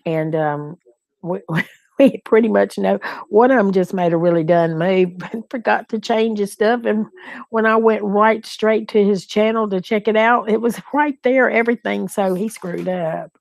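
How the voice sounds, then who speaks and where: A woman with a mid-range, creaky voice speaks unhurriedly, with no echo in the recording. She co-hosts a livestream, chatting casually and directly with her viewers and laughing often.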